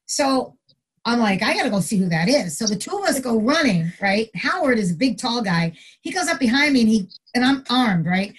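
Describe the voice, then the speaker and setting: A middle-aged woman, retired from work as a corrections officer, tells a story casually in an interview. Her voice is husky and fairly quick, and she's an animated storyteller who acts out the quotes with big jumps in pitch.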